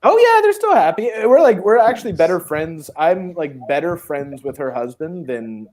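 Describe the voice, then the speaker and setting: A man's voice: on the high side, moderate pace. A man casually telling a long funny story on a chat stream, acting out the other people's lines. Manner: animated, acts out quoted voices. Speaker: co-host.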